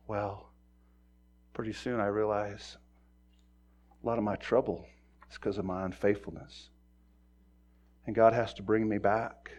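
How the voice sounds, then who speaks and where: A middle-aged man preaching a sermon in a conversational way, acting out quoted voices and moving from quiet talk to loud emphasis. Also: lowish voice, level tone, unhurried, long pauses. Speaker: pastor.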